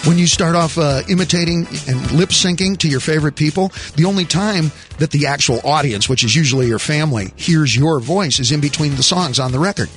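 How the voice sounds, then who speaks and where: Male radio host, slightly high voice, rambling jokey banter, faint music underneath. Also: fairly quick, hardly any pauses, a bit bright. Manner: jokey, rambling, laughs often. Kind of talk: casual radio chat. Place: radio studio.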